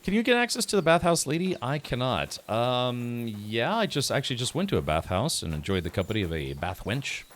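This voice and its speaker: A man's voice: mid-range voice, big pitch swings, brisk, hardly any pauses, fairly bright tone, slight background noise. A man streaming a game, chatting casually, thinking aloud and answering his chat. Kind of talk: casual gameplay commentary.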